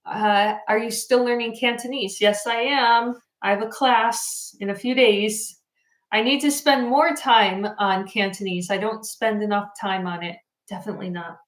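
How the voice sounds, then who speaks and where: A woman's voice: medium pitch, fairly even intonation, moderate pace, roomy sound. A tired woman hosting a casual livestream, chatting and reading out viewer comments. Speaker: livestream host. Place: home in Japan.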